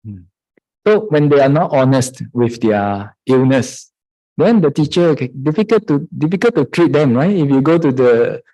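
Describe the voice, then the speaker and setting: A man's voice: mid-range voice, dark tone, rough recording. A man, a Buddhist monk, giving a meditation dharma talk, often chuckling, acting out his students' lines and checking in with "huh?". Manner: chuckles often, acts out students in quoted voices.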